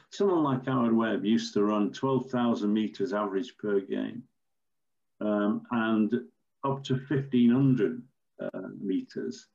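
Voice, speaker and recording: An older man, a former referee, telling stories in a measured, storytelling way with some fillers. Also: fairly low pitch, vocal fry, darkish tone, muffled recording. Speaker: former football referee, podcast guest. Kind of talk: anecdotal interview answers.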